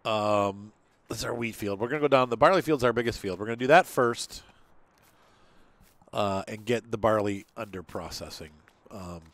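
A man's voice: lowish voice, normal speed, fairly bright tone, dry recording. A man casually commenting on his farming game as he plays, rambling and chatty, with lots of fillers. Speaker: gaming channel host.

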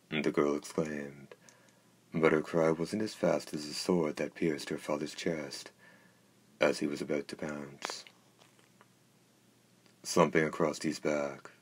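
Very deep husky male narrator. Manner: steady, measured reading. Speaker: audiobook narrator. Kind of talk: scripted narration.

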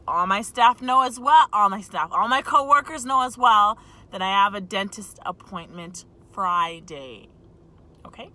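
A woman's voice: high-pitched, unhurried, bright, forceful tone, a little hiss or hum, low-quality recording. A woman from the United States telling a long, irritated story to her vlog viewers and checking in with "okay?" as she goes. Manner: exasperated, repeats "okay?" to the viewers, talks through restarts. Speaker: vlogger. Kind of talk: casual vlog rant to camera.

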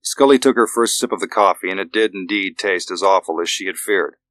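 A man narrating a thriller audiobook in a measured, steady way. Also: low-pitched, no room sound.

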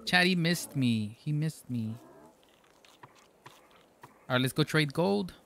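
A man streaming a game live, bantering with his chat. His voice sits fairly high, and the talk is loose and jokey with frequent laughs. Now and then he switches to a stiff, mock-formal tone as a gag. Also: animated, takes it slowly, gravelly, fairly bright tone, a little hiss or hum. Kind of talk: live gameplay commentary, reading chat.

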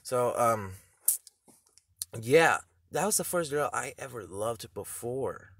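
A teenage boy making a loud, profane reaction video, laughing often as he talks. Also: mid-range voice, animated, takes it slowly, no room sound, studio quality. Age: teens. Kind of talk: reaction commentary.

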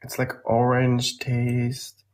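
A man's voice: mid-range voice, completely flat delivery, takes it slowly. A young man from Belgium with a Flemish accent, a native Flemish speaker, chatting casually on a phone livestream and answering viewer questions with rambling, cursing and laughter.

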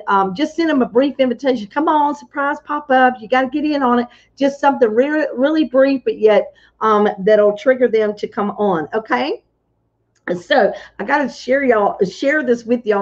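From a hotel room, a prophetess and minister chats on a casual livestream, greeting viewers one at a time and saying hallelujah often. Her voice is on the high side and a little mellow, and the lo-fi livestream audio sounds dull.

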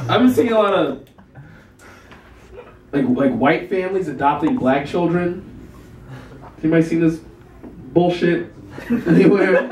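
A man's voice: on the high side, a little mellow. A young man doing a live stand-up set in a small café, self-deprecating and chuckling through his own lines. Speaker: stand-up comedian. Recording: echoey room, distant mic.

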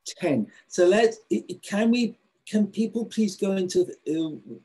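Husky man leading an online class. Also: sits high, lively intonation, a little slow, mellow. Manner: enthusiastic, with many fillers and restarts. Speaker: webinar presenter. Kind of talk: teaching a live online webinar. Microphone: video call.

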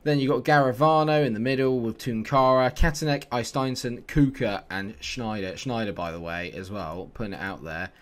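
A man giving live, animated commentary while playing a football management game, dropping to low mutters and rising to excited shouts. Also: normal speed, few pauses. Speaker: video game player.

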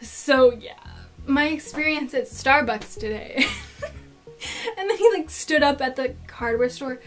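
Soft background music plays as a teenage girl chats through a get-to-know-me vlog, taking it slowly. Her high voice is expressive and a bit bright. She tells stories dramatically, using lots of "like" fillers.

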